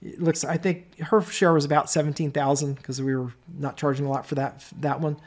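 A man's voice: fairly high pitch, steady tone, a little fast, a little mellow. A middle-aged man hosting a webinar, telling stories in a chatty way with many asides. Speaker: webinar host. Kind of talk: webinar sales talk.

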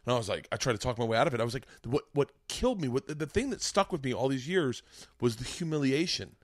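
A man's voice: medium pitch, animated, quick pace, dry recording, studio quality. A man in his forties hosting a podcast, telling rambling personal stories in casual chat with plenty of swearing and restarts. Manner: loose storytelling, swearing freely, lots of restarts. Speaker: podcast host.

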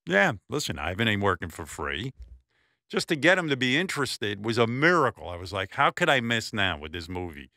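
A man's voice: lowish voice, sing-song, fairly quick, vocal fry, bright, forceful tone, dry recording, studio quality. A man hosting a radio show, telling a blunt, profane story with lots of asides. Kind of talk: casual storytelling tribute.

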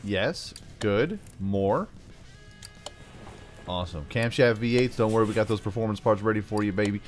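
Chatty, low-voiced Philly man gaming. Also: moderate pace, long pauses, soft background music. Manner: chatty, rambling asides, playful voices. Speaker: gaming YouTuber. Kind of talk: casual gameplay commentary.

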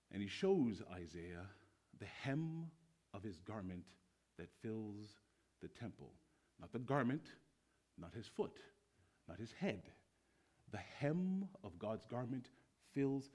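A man's voice: lowish voice, big pitch swings, slow pace, pauses often, a little mellow. A man preaching a sermon in church. He tells stories playfully and acts out the voices he quotes.

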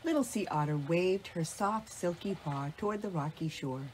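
A woman reading a children's bedtime story aloud in a calm, gentle storytelling manner. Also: lowish voice, normal speed, a little hiss or hum, low-quality recording. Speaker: storybook reader.

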